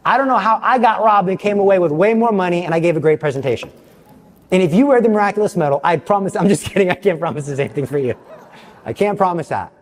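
Animated male speaker in a reverberant hall. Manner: animated, jumps high for quoted lines; self-mocking humor. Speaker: Catholic speaker. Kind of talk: storytelling talk.

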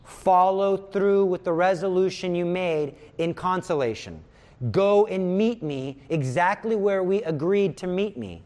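A man's voice: sits high, unhurried, a little mellow. A man giving a conversational retreat talk, acting out inner voices as he explains. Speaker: retreat speaker.

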